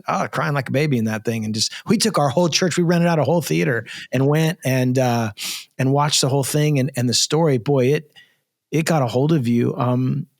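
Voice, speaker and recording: A man, a pastor, hosting an interview, affirming his guest with many restarts. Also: a little high. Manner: warm affirming, frequent restarts. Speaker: pastor host. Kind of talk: conversational interview. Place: church studio.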